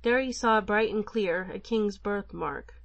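A woman narrating an old folk tale for an audiobook in a measured, even manner. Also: mid-range voice, gravelly, no echo, dull audio.

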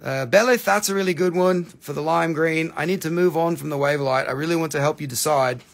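Gravelly, slightly high-voiced man hosting a live rock-sales stream, rambling and chatty, tired from hours live. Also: brisk. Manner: chatty, rambling, puts on crazy accents. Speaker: live-stream mineral seller. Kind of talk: casual live sales chat.

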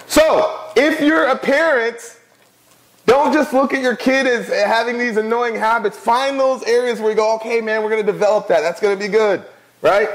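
A middle-aged man delivers a sermon as pastor. His voice sits high, and he preaches in an easy, conversational manner, often turning to the congregation with quick asides. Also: poor audio.

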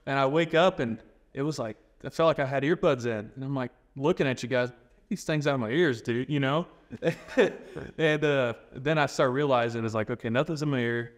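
A man's voice: mid-range voice, brisk. A man in his twenties, a training client, chatting casually as a guest in an interview. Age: 20s. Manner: easygoing, rambling, many fillers and restarts.

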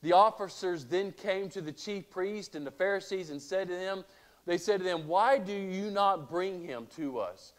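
A man's voice: high-pitched, moderate pace. A male pastor preaching a sermon, asking rhetorical questions and reading scripture aloud.

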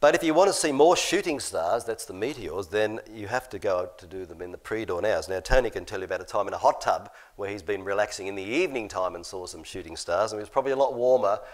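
Middle-aged male preacher, lowish voice, chatty and self-interrupting. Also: fast, hardly any pauses. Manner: chatty, self-interrupting, chuckles at own jokes. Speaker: preacher giving a talk. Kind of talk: informal sermon talk with slides.

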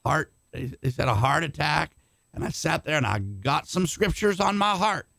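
Older male preacher, fiery and shouting at the peaks, slightly high voice, dry close sound. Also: lively intonation, moderate pace, vocal fry, dry recording. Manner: impassioned, shouting climaxes, calls on congregation by name. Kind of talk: sermon.

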